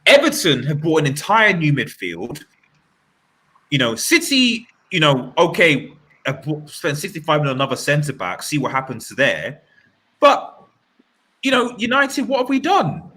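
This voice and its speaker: A man hosting a live-stream football chat, talking in an animated, rambling way with many restarts. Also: fairly high pitch, normal speed. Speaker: fan channel host.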